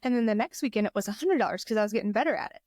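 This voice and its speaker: A woman's voice: medium pitch, animated, darkish tone, dry recording, studio quality. A middle-aged woman from Georgia with a Southern accent, telling stories as a guest in a casual chat. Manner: chatty storyteller, drawn-out pauses.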